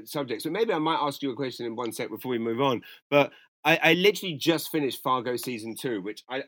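A man's voice: medium pitch, fairly bright tone, dry recording. A man, co-hosting a casual chat and rambling through strong, profane opinions. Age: 40s. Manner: rambling, opinionated, swears freely. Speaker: podcast co-host.

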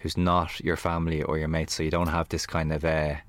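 This is a man with a very deep, low voice, chatting as a guest in a camper van. He tells his stories with animated energy and scatters "like" all through them. The sound is dry, with almost no room echo. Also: fairly quick. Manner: animated storyteller, heavy on "like". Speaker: podcast guest. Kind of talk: casual conversation.

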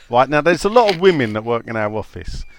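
Reading listener questions and sharing funny stories on a casual podcast, this man laughs often as he chats. He talks a little fast at medium pitch with big pitch swings, and there's a little hiss or hum.

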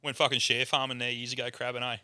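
A man's voice: medium pitch, little pitch movement, fast talker, sharp tone, no echo, studio quality. A young Australian man, a comedian, telling crude jokes in a casual sweary pub chat and putting on voices for the characters. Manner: sweary, storytelling with put-on voices. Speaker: guest comedian.

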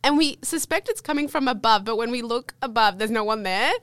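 A young woman co-hosting a podcast, telling a travel story in a lively way, acting out the people she quotes and laughing often. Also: a little high, fairly quick, no echo. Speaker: podcast co-host. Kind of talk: casual chat, storytelling.

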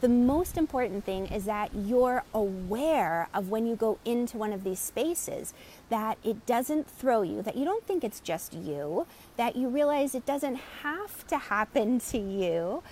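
A woman coach talks through client stories, her voice sitting a little high and lively. A faint room ambience sits under her voice. She greets viewers by name between points. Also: unhurried, a little hiss or hum. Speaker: energy coach hosting a live stream. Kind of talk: live-stream teaching talk.

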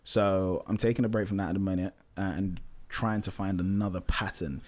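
Low-voiced man chatting casually. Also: brisk. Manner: relaxed, many fillers and repeats. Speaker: guest, musical theatre actor. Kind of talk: casual interview chat.

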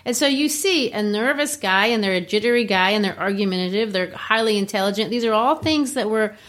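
Woman, co-host, animated, teacherly, mid-pitched voice, explains a story. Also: a little fast. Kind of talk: literary discussion.

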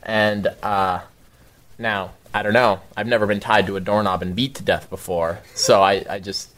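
A young man telling a story in casual talk, animated, swearing often and shouting his own outbursts. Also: fairly low pitch, moderate pace. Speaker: guest storyteller.

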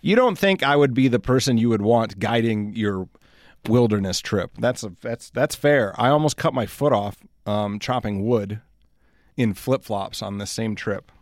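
A man's voice: on the low side, normal speed, dry recording, studio quality. A man from South Dakota hosting a casual solo podcast, rambling and self-deprecating as he jokes and tells stories. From South Dakota, USA. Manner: rambling, self-deprecating, jokey, puts on silly voices. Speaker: podcast host.

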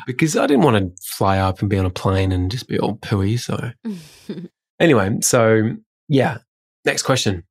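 A man's voice: mid-range voice, very animated, unhurried, breathy edge. A man co-hosting a podcast, telling stories in a casual, self-deprecating way. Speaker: podcast co-host. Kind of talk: casual conversation.

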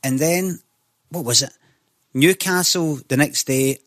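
Scottish guy telling a story, swears a lot, animated, dry close sound. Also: on the high side, slow pace, no echo. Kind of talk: casual storytelling.

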